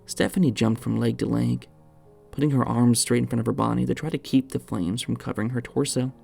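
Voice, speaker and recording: A man narrates a creepy first-person horror tale in a measured, dramatic way. His voice is deeply gravelly with strong vocal fry and a dark, mellow tone. Faint music sits underneath. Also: fairly even intonation.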